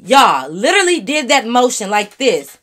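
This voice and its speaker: A woman vlogger telling a story straight to her viewers in an animated, profane, casual way. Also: a little high, normal speed.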